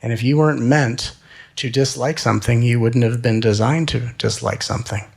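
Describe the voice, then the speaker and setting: A man giving a spiritual talk, gentle and soothing, with slow repeated phrases. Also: mid-range voice, fairly even intonation, vocal fry, husky. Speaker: spiritual teacher.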